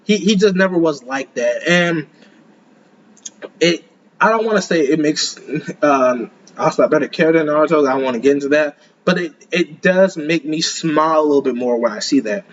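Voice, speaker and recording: A young man giving casual, excitable commentary as an anime reaction host, rambling and laughing often. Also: fairly high pitch, fairly quick, lo-fi sound, a little hiss or hum.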